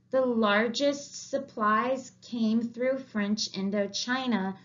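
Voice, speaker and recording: A woman narrates a history lesson in a calm, unhurried lecture style. Her voice sits a little on the high side, and she lingers over her words. The recording sounds muffled and lo-fi. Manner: slow and deliberate, with quoted asides. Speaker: history teacher. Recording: dull lo-fi recording.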